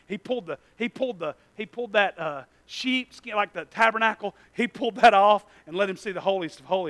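Delivering a sermon in a high, brisk voice with hardly any pauses, the man tells lively stories. He shifts from shouts to hushed tones while addressing the congregation in a plain, folksy style.

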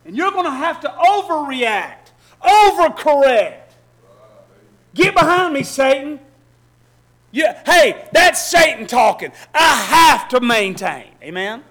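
Pastor, sermon. High, bright voice; bursts into shouts, then soft asides, stumbles and repeats. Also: male voice, animated, moderate pace. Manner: shifts between loud shouting and soft low asides, repeats and restarts. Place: church hall with congregation.

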